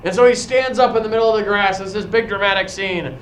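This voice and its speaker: A man's voice: high voice, fast talker, fairly bright tone, slight background noise. A man teaching a history class, telling a story to his students with frequent restarts. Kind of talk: classroom lecture. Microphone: far camera. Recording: echoey classroom from far off.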